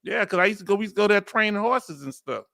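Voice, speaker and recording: A man with a Texas accent giving animated, slangy reaction commentary and laughing often. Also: high-pitched, fast talker, vocal fry, no echo, studio quality. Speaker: reaction video host.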